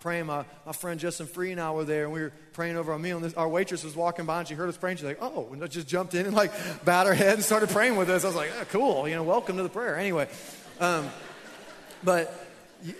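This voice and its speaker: A young man preaches to his church in a loose, storytelling way, poking fun at himself between points. His voice sits a little high. The sound carries a long reverb from a large hall. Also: fairly even intonation, fast, a bit bright. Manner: casual, storytelling preacher who laughs at himself. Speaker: pastor. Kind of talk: sermon. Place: church auditorium.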